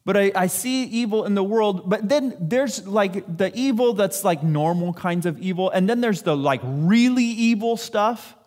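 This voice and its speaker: A man's voice: sits high, a little slow, few pauses, darkish tone. A man giving a sermon in a conversational, self-deprecating way, acting out what people say. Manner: conversational, self-deprecating preaching with acted-out quotes. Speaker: pastor.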